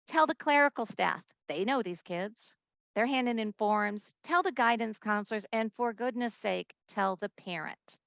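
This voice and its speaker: A woman presenting a conference talk to teachers, a lively storyteller who acts out the voices she quotes. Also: on the high side, moderate pace, creaky, dry recording, muffled recording.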